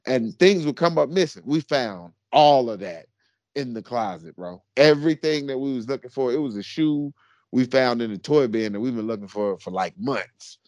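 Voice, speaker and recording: A man co-hosting a podcast, telling a story in a casual, animated, slangy way and often calling people bro. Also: medium pitch, normal speed, no room sound, muffled recording. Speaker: podcast co-host.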